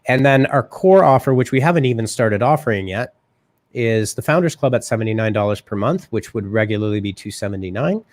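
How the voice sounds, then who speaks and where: A man hosting a live marketing show, talking fast and casually and often checking in with "right?". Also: medium pitch, animated, a little mellow, dry recording. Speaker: host.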